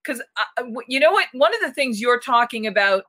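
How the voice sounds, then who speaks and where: A woman's voice: a little high, very animated, fairly quick, sharp tone. A woman hosting a casual panel chat, asking long, rambling questions full of restarts.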